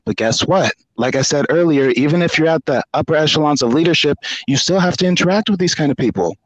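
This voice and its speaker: A man guesting on an interview show, telling a story in lively conversation and often repeating words as he goes. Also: on the high side, fast, poor audio.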